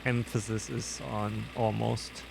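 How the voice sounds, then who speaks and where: A man's voice: on the low side, flat delivery, slow pace, gravelly, noisy background. A man with a German accent chatting casually with viewers on a live stream while playing a game, laughing often.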